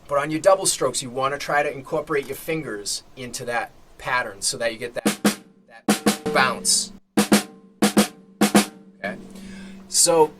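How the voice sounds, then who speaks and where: A man teaching a drum lesson, explaining step by step and often checking in with "okay?". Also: a little high. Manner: relaxed explaining, frequent "okay?" check-ins.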